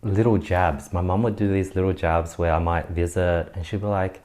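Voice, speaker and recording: A man's voice: sits low, steady tone, normal speed, a little mellow. A man hosting a podcast interview, asking for advice in a hesitant, laughing way. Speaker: podcast host. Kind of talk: casual interview.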